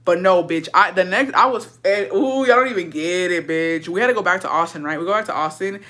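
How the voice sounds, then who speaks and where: A young woman talks into her phone and headphones on a live stream, dishing a story with blunt, profane energy. Her voice sits fairly low but comes across bright and sharp, full of animated swings. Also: brisk.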